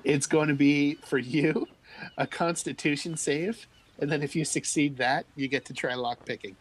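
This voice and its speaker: A man's voice: a little high, fairly even intonation, moderate pace, husky, rough recording. Man narrating as game master.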